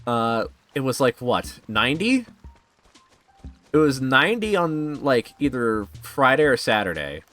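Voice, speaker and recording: A man's voice: medium pitch, very animated, unhurried, a bit bright, soft background music. A man streaming a video game, chatting casually with his audience and laughing at his own jokes. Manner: chatty, laughing, jokey asides to chat. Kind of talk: casual gaming stream chat.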